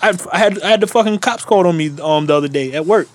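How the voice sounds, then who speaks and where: Fast-talking animated man, high voice. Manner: animated, swears freely, laughs a lot. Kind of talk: casual storytelling chat.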